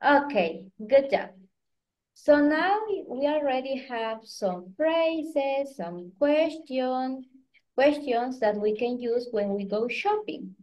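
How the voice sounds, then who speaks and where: High-voiced woman teaching, slow and patient. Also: animated, a little mellow. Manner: patient, prompting students by name. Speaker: Spanish teacher. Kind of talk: live online class, coaching students. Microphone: video call. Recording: dull lo-fi video call audio.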